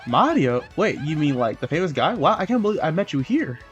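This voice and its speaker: A man's voice: on the high side, very animated, brisk, dull audio, faint music behind. A man voicing a bubbly young female goomba student with chirpy, gushing chatter. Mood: excited.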